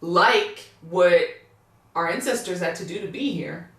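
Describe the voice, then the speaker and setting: A man from Canada co-hosting an anime reaction, chatting excitably, swearing freely and rambling with many restarts. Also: high-pitched, unhurried. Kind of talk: casual chat reacting to an anime. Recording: echoey room, mic far off.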